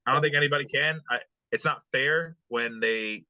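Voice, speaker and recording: A man with a bright, forceful voice runs through the week's scores in loose podcast banter, cursing freely and stalling on ums and uhs. The sound is dry and close to the mic. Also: medium pitch, normal speed, dry recording, muffled recording. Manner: relaxed, swears often, many ums and uhs. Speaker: podcast co-host recapping games. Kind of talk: casual sports podcast banter.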